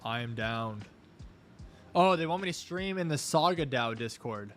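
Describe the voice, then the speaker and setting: A young man live-streaming his crypto trading, chatting casually, thanking viewers and coaxing the price chart out loud. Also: medium pitch, expressive, measured pace, soft background music.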